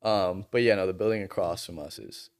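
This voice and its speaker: A man's voice: sits low, brisk. A young man from Boston, a podcast guest telling stories in casual chat, swearing freely. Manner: profane, animated storytelling.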